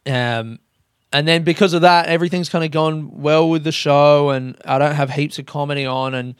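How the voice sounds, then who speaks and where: A man's voice: fairly high pitch, steady tone, moderate pace, clear, resonant tone, no room sound, studio quality. A young Australian man, a stand-up comedian, hosting a solo podcast monologue and swearing constantly in loose, rambling bursts.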